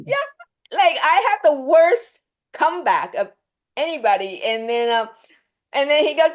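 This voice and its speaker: A woman actress telling a story in a casual interview, chatty and animated, acting out quoted lines and laughing often. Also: high-pitched, moderate pace. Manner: chatty, many fillers and restarts.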